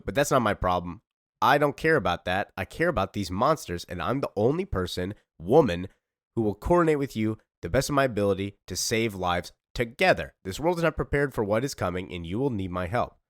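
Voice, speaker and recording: A man voicing a calm, commanding warrior woman hero, speaking firm and measured. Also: lowish voice, no room sound, clean studio sound, natural voice.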